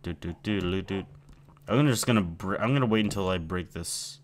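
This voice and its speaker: A gameplay video host offers rambling, playful let's-play commentary as he plays a video game and chats with his in-game pet. His voice sits low and he talks a little fast, with slight background noise.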